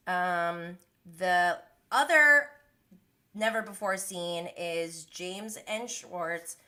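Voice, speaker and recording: A woman's voice: lowish voice, very slow, bright, forceful tone. A young woman hosting a casual recap livestream, chatty and gossipy, who laughs often. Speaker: host of a reality TV recap livestream.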